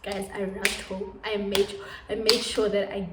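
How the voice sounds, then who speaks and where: A woman's voice: medium pitch, level tone, unhurried, roomy sound, distant mic, very noisy. A young woman in her twenties with a South African accent, telling a dramatic storytime to her viewers in a casual vlog, recorded on a phone camera. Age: 20s. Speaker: YouTuber.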